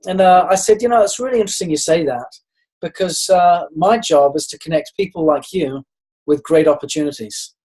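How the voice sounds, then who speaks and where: A man's voice: on the high side, brisk, a little mellow. Guy on a team call, encouraging, tells stories, restarts a lot. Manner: storytelling, encouraging, with frequent restarts. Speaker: network marketing leader. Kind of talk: motivational talk on a group call.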